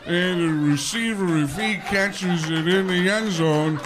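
A man doing an impression of an older male football announcer who stammers, repeats himself and trails off. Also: sits high. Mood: rambling. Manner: halting, stammering, repeating words. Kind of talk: stand-up impression. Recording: live stage audio with noise.

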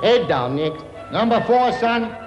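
A deferential court official. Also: male voice, sits high, animated, a little slow, long reverb tail, dull audio, over music. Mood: formal. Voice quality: formal, deferential. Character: dutiful royal court official counting off the children. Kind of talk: radio sketch comedy.

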